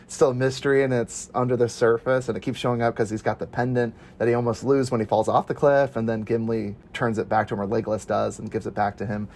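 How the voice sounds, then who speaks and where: A man co-hosting a casual movie podcast, excitable, laughing often and acting out quotes. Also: mid-range voice, fast talker, few pauses, a little hiss or hum. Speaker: podcast co-host.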